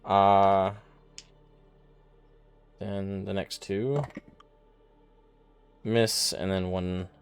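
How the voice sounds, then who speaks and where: A man narrating as dungeon master, halting and thinking aloud with frequent uhs. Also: low-pitched, steady tone, a little hiss or hum. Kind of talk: narrating a tabletop game.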